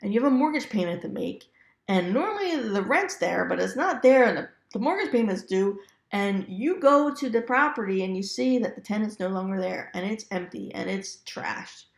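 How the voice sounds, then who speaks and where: A woman's voice: mid-range voice, expressive, normal speed, creaky, reverberant. A woman telling real estate stories in a casual, chatty way, laughing often and acting out quoted asides. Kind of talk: casual storytelling to camera.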